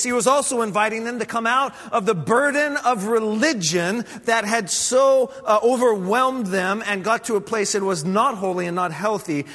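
A man with a high voice delivers a sermon as pastor. He speaks earnestly and steadily, building points through repetition. A long reverb trails his words, as in a large hall. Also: a bit bright. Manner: earnest, measured preaching with repeated phrases.

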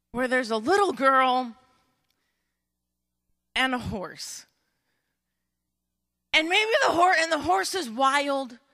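A woman preaching an animated sermon, acting out scenes and talking straight to her audience. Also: high voice. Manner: dramatic, acts out scenes, addresses audience directly. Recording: echoey hall.

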